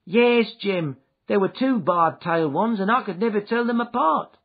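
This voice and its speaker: A man voicing a brisk, practical farm woman who is a little huffy. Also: sits high, expressive, breathy edge, voice pushed up, exaggerated voice. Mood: matter-of-fact. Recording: dull lo-fi recording.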